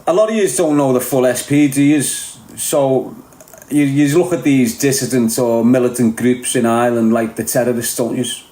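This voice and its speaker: A man's voice: medium pitch, fairly even intonation, normal speed, dark tone. Sweary Scouse man in an echoey room. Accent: Liverpool (Scouse). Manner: blunt, sweary, emphatic. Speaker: podcast guest. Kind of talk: casual podcast chat.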